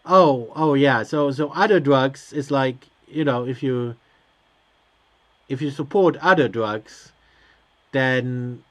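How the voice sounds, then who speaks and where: A man's voice: medium pitch, fairly bright tone. A man hosting a let's play, reading on-screen game text aloud and answering it with hesitant, sarcastic asides. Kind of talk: casual gameplay commentary.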